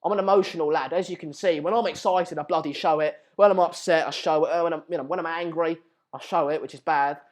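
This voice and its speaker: A young man hosting a football channel, reacting live to transfer news in an excitable, ranting and mocking way. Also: fairly high pitch, fast talker.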